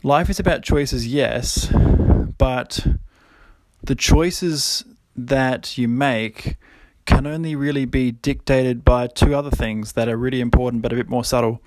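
A man's voice: medium pitch, fairly even intonation, a little slow, darkish tone, dry recording. A young man hosting a podcast, talking casually with many fillers and frequent laughs. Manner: rambling, lots of fillers, laughs often. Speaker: podcast host.

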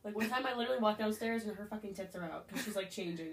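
A woman's voice: mid-range voice, very fast, few pauses. A young woman guest on a podcast, talking bluntly and swearing freely. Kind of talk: casual chat. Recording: roomy, distant from mic, faint noise.

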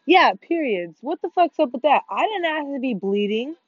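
A woman's voice: high voice, expressive, normal speed, no room sound, faint music behind. A woman co-hosting a casual podcast while playing a video game, swearing freely and apologizing often. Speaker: podcast co-host. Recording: dull, lo-fi and dry.

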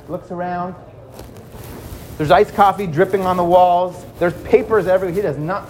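A man telling a dramatic story to children, swinging between loud and hushed. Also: high voice, fairly even intonation, moderate pace, a little hiss or hum.

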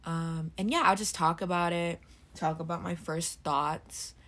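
A woman's voice: lowish voice, steady tone, measured pace, a bit bright. A young woman hosting a solo podcast, rambling casually and swearing freely, her voice a little throaty from just waking up. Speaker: podcast host.

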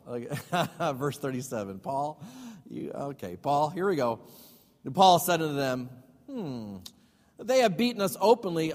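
A male pastor teaching a Bible study sermon. He reads scripture aloud and then explains it in casual asides with questions to the congregation. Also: a little high. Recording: long hall reverb.

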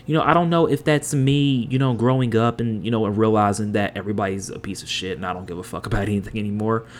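A man's voice: on the low side, fast, a little hiss or hum. A man in his twenties hosting a podcast, talking through a blunt personal monologue that runs into heated, profane rants. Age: 20s. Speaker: podcast host.

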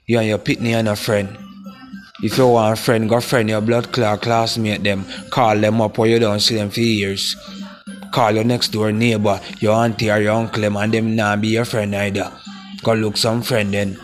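A man with a Jamaican accent rants in a profane, preachy way, repeating his words over and over. His voice sits low and stays flat, with barely any rise or fall. Faint music plays behind him. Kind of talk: ranting monologue.

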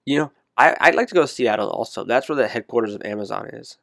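A man's voice: medium pitch, animated, fast talker, gravelly, fairly bright tone, dry recording, clean studio sound. A man chatting casually about places he'd like to travel, rambling and correcting himself as he goes. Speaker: conversation partner. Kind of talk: casual chat.

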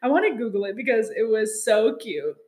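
A woman co-hosting a podcast in casual chat, talking fast and laughing often as she acts out the people she describes. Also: on the high side, roomy sound. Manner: chatty, laughs often, quotes people in lively put-on voices. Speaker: podcast co-host. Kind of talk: casual chat recapping reality TV.

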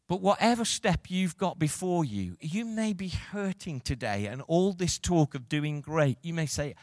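A male pastor preaching a sermon, moving from quiet reflection to loud, rousing calls to the congregation. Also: on the high side, sing-song, measured pace, hardly any pauses, no room sound, studio quality.

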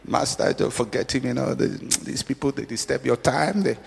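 A man's voice: mid-range voice, normal speed, vocal fry, breathy edge, pitched below the performer's own voice, exaggerated voice. Preacher doing a fussy, wheedling follower man. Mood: dismissive. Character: fussy male follower advising his master. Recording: long hall reverb.

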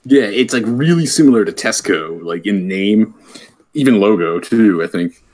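A man's voice: fairly low pitch, expressive, moderate pace, a little mellow. A man from the United States, a podcast co-host chatting casually and rambling with repeated words. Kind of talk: casual chat.

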